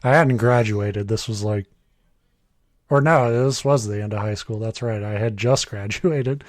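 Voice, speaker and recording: A man in his early thirties reads a story aloud on a casual podcast, his voice on the low side with a darkish tone and a measured pace. He keeps breaking off for asides, chuckling and correcting himself, and the recording is dry.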